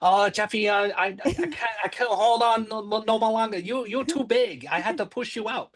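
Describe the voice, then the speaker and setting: A man imitating his elderly Thai mother, using a high voice and stammering, broken English with a Thai accent. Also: fairly quick. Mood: fussing.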